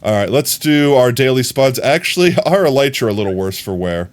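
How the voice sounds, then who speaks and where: A man's voice: medium pitch, expressive, moderate pace. A man with a mild New York accent, chatting casually as a streamer while he plays, rambling, repeating words and laughing often. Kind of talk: casual chat while gaming.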